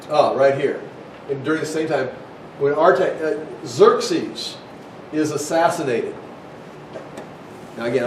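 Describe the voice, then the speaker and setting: A man giving an informal Bible history lecture, talking conversationally with frequent restarts and acting out quoted voices. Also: recorded from a distance. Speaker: Bible teacher. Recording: echoey room with faint rumble.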